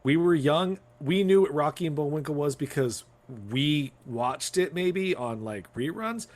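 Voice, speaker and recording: A man in his thirties hosting a loose podcast conversation, his voice sitting a little high for a man. He talks bluntly, swears freely and keeps breaking into laughter. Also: expressive, unhurried. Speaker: podcast host. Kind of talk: casual podcast chat.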